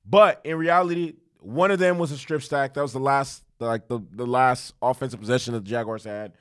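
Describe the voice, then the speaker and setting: A man's voice: mid-range voice, brisk, clean tone. A young man giving a casual football recap that turns into a heated, profane rant, with many restarts and fillers. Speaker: sports commentator, football fan.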